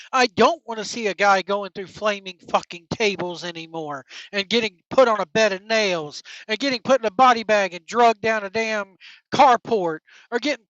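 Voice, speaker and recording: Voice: mid-range voice, a bit bright, no room sound. A wrestling podcast host on an angry, profane opinion rant, blunt and heated. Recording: dull lo-fi dry recording.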